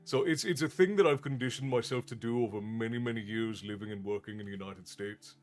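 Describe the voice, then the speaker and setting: A middle-aged male streamer from Newfoundland, Canada, chats casually with his live chat while light music plays behind him. His accent is Americanized with traces of Newfie, his pitch is average, and he often pauses to think and restarts his sentences.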